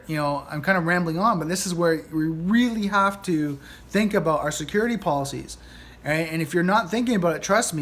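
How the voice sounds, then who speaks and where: A man's voice: fairly high pitch, a bit bright. A man giving an earnest, rambling vlog monologue about security, often tagging "right?" and "you know" onto his points. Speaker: cybersecurity vlogger.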